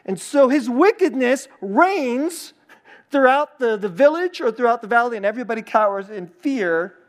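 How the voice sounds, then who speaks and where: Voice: mid-range voice, lively intonation, normal speed. A pastor giving a sermon in a conversational way, laughing often and repeating key phrases for emphasis. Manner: acts out short quoted lines in a changed voice.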